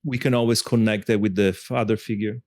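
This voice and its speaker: A man's voice: on the low side, steady tone, a little fast, darkish tone. A man hosting an interview, asking curious, probing questions in a conversational way. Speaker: podcast host.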